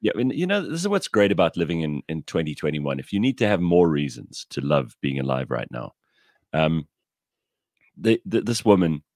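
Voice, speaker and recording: Deep, lively man. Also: moderate pace, no echo, studio quality. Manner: animated storyteller, blunt and irreverent. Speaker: podcast co-host. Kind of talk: casual chat.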